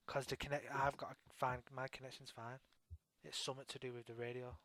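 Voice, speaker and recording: A man's voice: medium pitch, level tone, fairly quick, a bit bright, slight background noise. A man hosting a casual internet radio chat show, rambling with lots of restarts. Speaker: talk show host.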